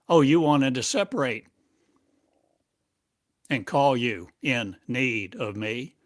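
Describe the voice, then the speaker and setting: A man giving a channeled spiritual monologue as a teacher, speaking in drawn-out phrases and asking one rhetorical question after another. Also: a little high, a bit bright, dry recording, studio quality.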